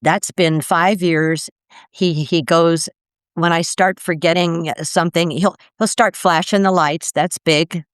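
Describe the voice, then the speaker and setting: An older woman telling stories in a casual interview, animated and laughing, acting out the voices of people she quotes. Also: lowish voice, slow pace, clear, resonant tone, no room sound, clean studio sound. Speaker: guest, near-death experiencer.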